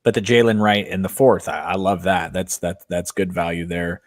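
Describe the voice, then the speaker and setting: A man with a low voice weighs in on football picks, opinionated but careful to hedge his takes. His voice sits close and dry, with no room echo. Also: steady tone, moderate pace. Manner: opinionated, hedging, frequent fillers. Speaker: podcast co-host. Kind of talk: casual sports chat.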